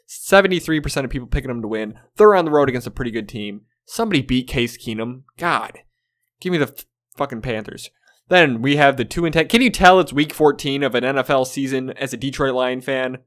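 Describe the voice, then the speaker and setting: A man's voice: mid-range voice, quick pace. A man hosting his own video of football game predictions, talking casually and bluntly, swearing and sounding fed up. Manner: blunt, profane, exasperated. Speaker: sports video host.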